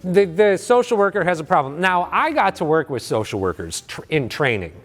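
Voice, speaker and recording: Rambling man in his forties, lively pitch. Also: fairly quick, long reverb tail, soft background music. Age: 40s. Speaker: film reviewer. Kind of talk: casual comedy panel chat.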